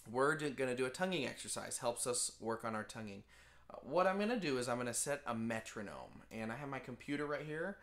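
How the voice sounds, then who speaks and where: A man's voice: medium pitch, a bit bright. A man teaching a beginner saxophone lesson, explaining patiently in plain words with many fillers. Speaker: band teacher. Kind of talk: casual music lesson.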